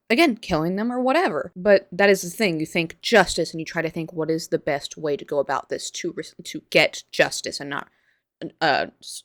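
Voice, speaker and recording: A young woman with a low voice, talking casually to camera in an animated, rambling way, stopping and restarting her thoughts. The sound is close and dry, with no room echo. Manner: rambling, animated, many restarts and asides, quick laughs. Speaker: video essayist.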